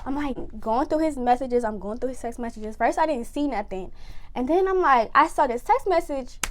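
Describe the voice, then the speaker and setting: A young woman casually telling a personal story to camera, talking fast with lots of fillers and acting out what people said. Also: sits high. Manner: fast, animated retelling with lots of "like" and acted-out quotes.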